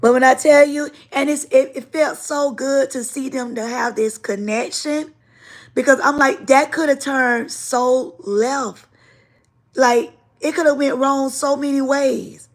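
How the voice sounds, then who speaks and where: A woman's voice: sits high, a little slow. A woman hosting a casual livestream, telling stories in an emphatic, repetitive way. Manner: animated, emphatic storytelling with repetition. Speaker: livestream host and teacher.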